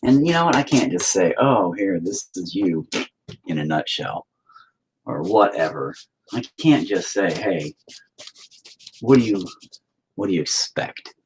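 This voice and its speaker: A man's voice: low-pitched, very animated, a little slow, long pauses, a little hiss or hum, low-quality recording. A man chatting casually and crudely while he paints, rambling and joking with lots of swearing. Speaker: painter streaming his work.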